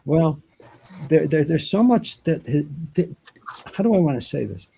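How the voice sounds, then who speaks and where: Host, male, gravelly and husky, mellow tone, rambling preachy delivery. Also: a little high, sing-song, measured pace, low-quality recording. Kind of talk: casual chat.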